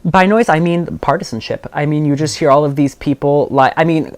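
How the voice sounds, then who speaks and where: A man's voice: a little high, a little fast. A young man, a guest on a local podcast, speaking earnestly and passionately, with frequent "um" and "like". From Southern California. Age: young adult. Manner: earnest, passionate, many fillers. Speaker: guest, local party chair. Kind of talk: casual podcast interview.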